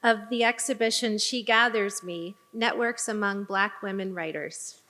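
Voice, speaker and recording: Woman, library director, formal welcome, bright tone, big reverberant hall. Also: medium pitch, steady tone, unhurried. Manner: gracious, listing thanks and names. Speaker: library director introducing the event. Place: large performing arts hall.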